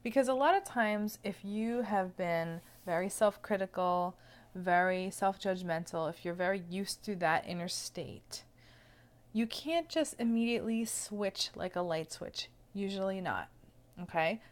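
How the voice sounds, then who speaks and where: Gentle woman coaching on self-love. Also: medium pitch, unhurried. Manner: gentle and explanatory, checks in with "okay?". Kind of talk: casual teaching to camera.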